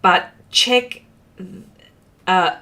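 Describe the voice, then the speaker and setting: A woman's voice: fairly low pitch, drawn-out words, pushed and bright. A middle-aged woman with an Australian accent, chatting casually on a livestream, laughing often and trailing off with fillers. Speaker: artist livestreaming. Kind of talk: casual livestream chat reading comments.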